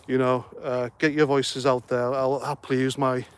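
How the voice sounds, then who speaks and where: A middle-aged livestream host with a medium-pitched, clean voice speaks at normal speed with a flat delivery. He reads out comments in a rambling, joking manner, a little breathless.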